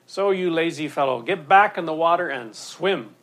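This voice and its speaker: A man voicing a brisk, confident boat owner who talks in a chirpy, lecturing way. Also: fairly high pitch, expressive, fairly bright tone. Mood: scolding. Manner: chirpy, lecturing, matter-of-fact.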